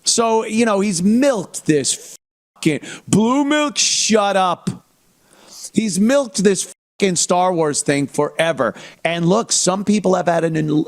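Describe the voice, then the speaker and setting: A man's voice: fairly high pitch, slow pace. A man hosting a comedy show, ranting with a lot of profanity in a mocking tone. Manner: mocking, swearing, acts out fan voices. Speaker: comedy podcast host.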